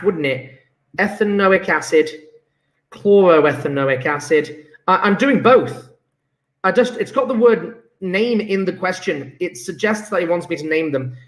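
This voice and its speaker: Homework gets reviewed by an upbeat, chatty chemistry teacher who thinks aloud while solving each answer in class. He has a fairly high, somewhat bright male voice. The lesson was recorded in an echoey room.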